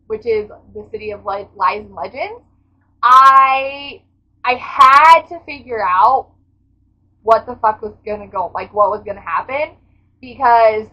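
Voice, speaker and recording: A fairly high-voiced woman gushes over her favourite books in a casual vlog recap. Her talk is dramatic and full of swearing, and the audio is a little dull and lo-fi. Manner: gushing, dramatic, swears freely. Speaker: book vlogger.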